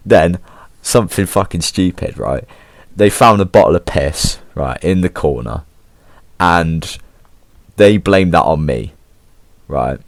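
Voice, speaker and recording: A teenage lad with an English accent tells a school story in a loose, slang-heavy ramble, swearing freely. His voice sits low. The recording is very dry, with no room sound. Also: no echo. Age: teens. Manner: slangy, swears a lot, laid-back. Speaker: vlogger. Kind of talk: casual storytelling.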